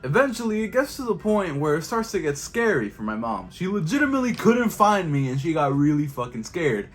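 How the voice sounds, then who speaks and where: A young man telling a story in a casual vlog, animated and full of slang and swearing. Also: on the high side, a little fast, hardly any pauses, soft background music. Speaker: YouTube storyteller.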